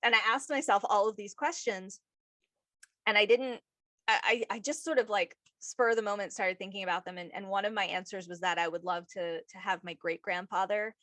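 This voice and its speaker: A woman's voice: mid-range voice, bright, forceful tone, dry recording. Effusive woman podcast host, dry sound. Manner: effusive and openly emotional. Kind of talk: casual interview chat.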